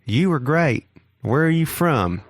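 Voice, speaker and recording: A man's voice: fairly high pitch, lively intonation, unhurried, pitched above the performer's own voice. A man voicing a drunk, rich older man who speaks in a southern drawl. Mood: jovial. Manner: loud, jovial drawl.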